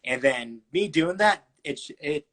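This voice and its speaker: A man's voice: a little high, lively intonation, a little slow, fairly bright tone. A man in his twenties, a podcast guest, telling his story casually with lots of fillers and acted-out dialogue. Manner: chatty, many fillers, acts out dialogue.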